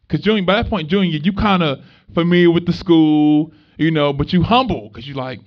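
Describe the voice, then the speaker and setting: Animated young man, slangy motivational talk. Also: fairly high pitch, a little fast. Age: young adult. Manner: animated, conversational storytelling with street slang. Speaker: motivational speaker. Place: room with a live student audience. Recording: dull lo-fi recording.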